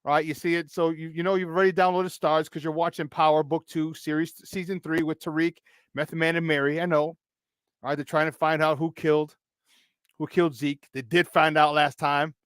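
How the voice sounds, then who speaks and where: A man hosting a morning sports talk show, loud, hyped up and playful as he talks to viewers. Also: on the high side, little pitch movement, a little fast, clear, resonant tone, no echo, clean studio sound.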